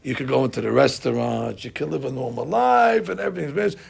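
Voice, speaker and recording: Gravelly-voiced rabbi preaching. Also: male voice, medium pitch, animated, fast. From United States. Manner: storytelling with wide swings between hushed and loud, repetitive. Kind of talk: sermon.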